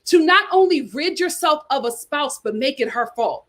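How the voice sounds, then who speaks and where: A woman hosting a reality TV commentary livestream, sassy and animated, reading viewer super chats aloud. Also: sits high, moderate pace.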